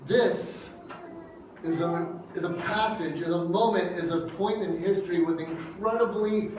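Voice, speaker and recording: A man delivering a sermon in a relaxed, talky way, pressing his points with questions to the room. His voice sits high for a man and rings through a large church hall. He is well off the mic, with a faint hiss underneath. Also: distant mic. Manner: conversational, emphatic, asks the congregation questions. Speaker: preacher.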